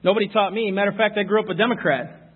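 A young man speaks informally to a live youth audience, telling stories with earnest emphasis. His voice sits high and has a breathy edge, and he talks very fast. The recording sounds tinny, like a phone.

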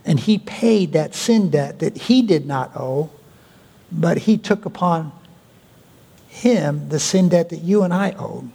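A male pastor preaching a sermon, with deliberate pauses and an emphatic delivery. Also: fairly high pitch, expressive, vocal fry, mellow, slightly rough. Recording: long hall reverb.

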